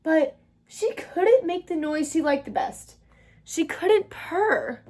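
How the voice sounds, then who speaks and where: Woman, storybook read-aloud, high voice, lively sing-song. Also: takes it slowly. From United States. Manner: bright, sing-song and expressive. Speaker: children's book reader, channel host.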